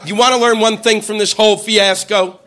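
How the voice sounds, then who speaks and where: A man doing a profane stand-up routine, ranting and acting out shouted impressions. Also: high-pitched, steady tone, fairly quick. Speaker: stand-up comedian.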